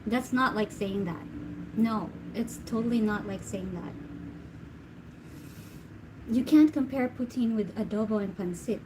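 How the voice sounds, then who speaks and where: A woman's voice: mid-range voice, unhurried, long pauses, noisy background. A woman hosting a live tarot Q&A stream, chatting casually, laughing often and reading viewer comments aloud. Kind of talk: casual livestream chat.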